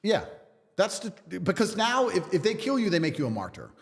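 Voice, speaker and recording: A man's voice: sits high, wildly swooping pitch, normal speed, creaky, long reverb tail. A man in a casual podcast conversation, talking in a defiant, emphatic way and swearing freely. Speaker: podcast guest.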